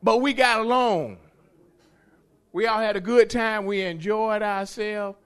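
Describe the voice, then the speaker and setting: High, bright-voiced man giving a testimony. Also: unhurried, clear, resonant tone. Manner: folksy, excitable, laughs while telling, hollers at the high points. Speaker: church member giving a testimony. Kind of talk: animated church testimony. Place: church sanctuary.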